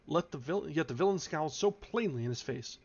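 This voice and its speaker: A man voicing a pompous, self-important gentleman magistrate who speaks with indignant outrage. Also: a little high, animated, fairly quick. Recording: dull lo-fi recording.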